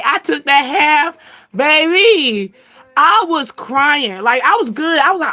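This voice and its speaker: A woman chatting casually as a channel host, animated and slangy, laughing often. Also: high voice, measured pace. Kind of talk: casual chat.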